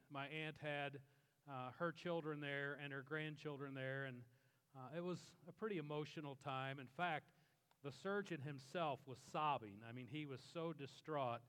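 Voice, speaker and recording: A man's voice: a little high, fairly bright tone, smooth. Earnest male pastor in a reverberant hall. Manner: earnest storytelling, slows for emphasis. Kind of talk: sermon.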